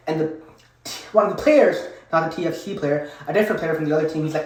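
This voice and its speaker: A man's voice: on the high side, quick pace. A young man telling a casual, rambling story, swearing freely as he goes. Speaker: vlogger. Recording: roomy echo.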